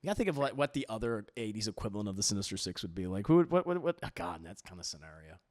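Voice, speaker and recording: A man hosting a casual podcast while playing a racing game. He is animated and laughs often. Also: lowish voice, very fast, dry recording, clean studio sound. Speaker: podcast host. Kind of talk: casual chat while gaming.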